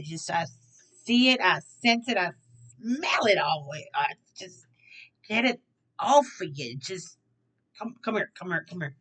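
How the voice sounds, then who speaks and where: A sassy woman tarot reader chatting casually to her viewers. Her voice sits at a middling pitch, and she repeats her phrases playfully. She slides from soft, low murmurs into loud, teasing outbursts. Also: animated, a little slow, long pauses. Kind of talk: casual tarot reading chat.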